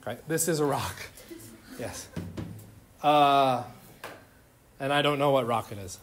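A man's voice: mid-range voice, a little slow, soft background music. A man lecturing a chemistry class in an informal, joking way, firing questions at his students. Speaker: chemistry instructor.

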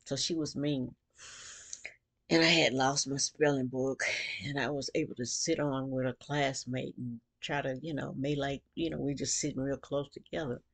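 A woman vlogger telling a personal story to camera, animated and acting out quotes. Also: a bass voice, normal speed, gravelly.

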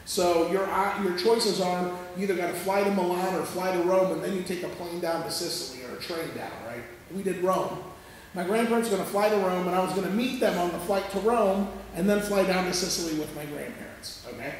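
A pastor telling a story in his sermon, animated and conversational, often checking that listeners follow. His voice sits high and carries a gravelly edge. It rings through a large echoey sanctuary and is picked up from well away from the mic. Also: fairly quick. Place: church sanctuary. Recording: echoey church hall from far off.

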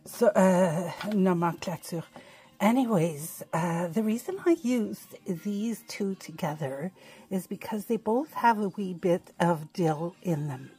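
A woman's voice: lowish voice, dark tone. A middle-aged woman hosting a home cooking show, chatting casually with fillers and little laughs as she cooks.

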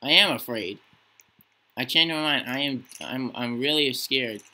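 A man's voice: mid-range voice, unhurried, pushed and bright. A young man giving casual, rambling commentary while playing a horror game, joking and acting spooked as he talks to himself. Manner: rambling, jokey, mock-scared talk to himself. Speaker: gaming channel host.

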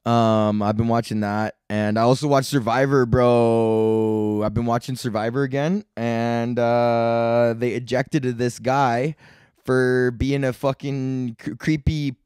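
A man's voice: mid-range voice, steady tone, slow, a little mellow, clear, resonant tone, dry recording, studio quality. A young man hosting his own comedy podcast, rambling in a laid-back, profane, slangy way. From Canada. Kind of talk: casual solo rant.

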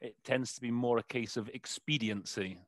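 In a dry recording, a male interpreter with a mid-range, slightly bright voice talks at a moderate pace during a relaxed interview. Word-searching pauses and plenty of fillers break up his speech.

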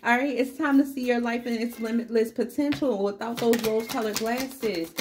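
A woman's voice: on the high side, moderate pace, a little mellow, slight background noise. A woman giving a casual tarot reading, upbeat and encouraging, chatting straight to her viewers, with a cat meowing in the background. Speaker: tarot reader.

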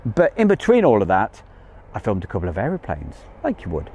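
A man's voice: on the low side, huge pitch swings, brisk, mellow, highs cut off, a little hiss or hum. A man hosting a live stream outdoors from a campsite field, chatting in a jokey way and greeting viewers by name. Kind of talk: casual live-stream chat.

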